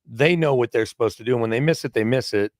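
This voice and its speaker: A man's voice: medium pitch, fast, dry recording, studio quality. A man co-hosting a casual sports chat, telling rambling stories.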